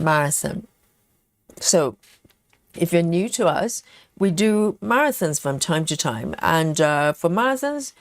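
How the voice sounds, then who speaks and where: Woman host, relaxed stream chat, low-ish voice, dry close mic, chatty with fillers. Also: no room sound. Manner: chatty, relaxed, many fillers, eating chocolate while talking. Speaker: cross-stitch livestream host. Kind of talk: casual livestream chat.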